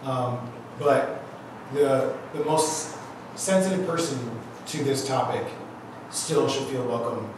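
A man giving an informal speech at an awards event, relaxed, with many ums and restarts. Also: mid-range voice, slow pace, noisy background. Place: large room at an event. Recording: echoey hall from far off.

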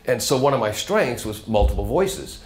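A man's voice: medium pitch, big pitch swings, normal speed. A middle-aged man, a radio host guest-lecturing a college class in a chatty, storytelling way. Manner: chatty storyteller, slips into character voices.

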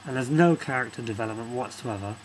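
A man's voice: mid-range voice, fast talker, slight background noise, rough recording. Sweary man ranting about a film. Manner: sweary, exasperated, rambling. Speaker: film reviewer. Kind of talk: casual rant-style film review.

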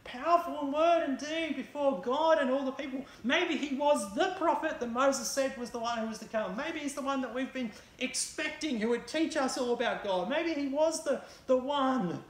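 A woman's voice: high voice, moderate pace, few pauses, roomy sound, pitched above the performer's own voice, natural voice. A woman voicing a bewildered, grieving male disciple who pleads and asks urgent questions. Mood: urgent, dismayed.

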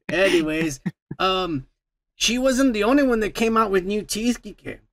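A man co-hosting a podcast, trading crude, loud, teasing banter that breaks into high yelps and laughter. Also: a little slow, no echo. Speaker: podcast co-host.

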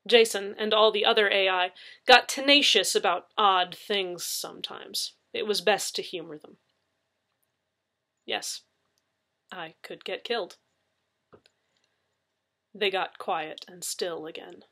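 Woman, author reading her draft aloud, first-person story, wry and casual, bright crisp voice. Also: medium pitch, normal speed.

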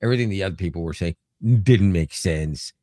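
Canadian male podcast co-host, deep, dry mic, talkative and joking. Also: fairly quick, no echo. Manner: rambling, joking, animated storytelling. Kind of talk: casual chat.

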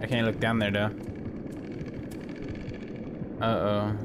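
A man's voice: fairly low pitch, monotone, fairly quick, very noisy. A man commentating a horror game he is playing, reacting on the spot and repeating short phrases over and over. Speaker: gamer.

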